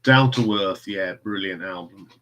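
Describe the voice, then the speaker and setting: A man's voice: low-pitched, unhurried, pushed and bright, a little hiss or hum. A man hosting a live stream, chatting casually about records and answering viewer comments in a rambling way. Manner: chatty, rambling, chuckles often.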